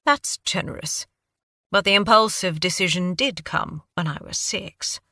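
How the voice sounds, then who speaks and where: Woman reading a wry, refined British-accented male scholar, bright tone, dry sound. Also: high-pitched, measured pace, creaky, no room sound, exaggerated voice. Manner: urbane, self-deprecating.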